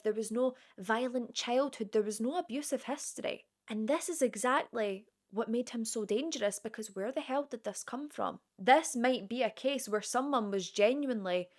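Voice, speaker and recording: A woman telling a true crime story in a casual, chatty way, with conversational asides to the viewer. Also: fairly high pitch.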